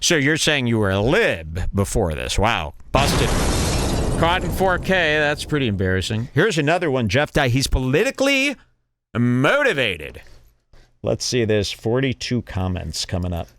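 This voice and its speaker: Sarcastic male podcast host, lively pitch. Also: measured pace, slight background noise. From Texas. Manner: sarcastic, mock-enthusiastic, thinking aloud. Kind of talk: casual comedic commentary on clips.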